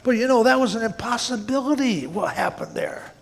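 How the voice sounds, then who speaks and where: A man's voice: very high voice, sing-song, brisk, vocal fry, in a large hall, slight background noise. A man preaching a sermon as pastor, folksy and plain-spoken, often repeating words and tossing in "man". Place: church sanctuary.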